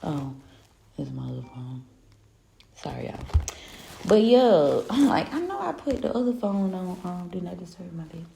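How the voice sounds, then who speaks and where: A woman's voice: fairly low pitch, very animated, normal speed, vocal fry, long pauses, warm tone, roomy sound, slight background noise. A woman hosting a live spiritual reading, ranting casually in a sassy, profane way and laughing often. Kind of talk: casual live-stream rant.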